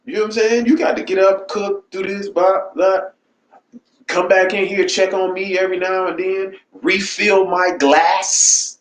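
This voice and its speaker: A man hosting a casual live-stream chat, blunt and profane, often asking "you know what I'm saying". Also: high-pitched. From United States. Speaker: channel host. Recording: roomy echo, faint background noise.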